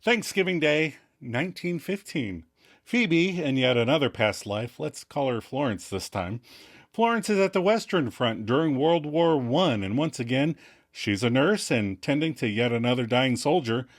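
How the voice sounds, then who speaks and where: A man's voice: mid-range voice, animated, moderate pace. A man co-hosting a podcast, narrating a recap in a playful, casual way with frequent laughs. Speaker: podcast co-host.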